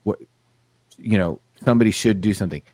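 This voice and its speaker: A man's voice: on the low side, brisk, a little mellow, dry recording. A man hosting a casual podcast, reading news aloud with a sardonic edge. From United States. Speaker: podcast host.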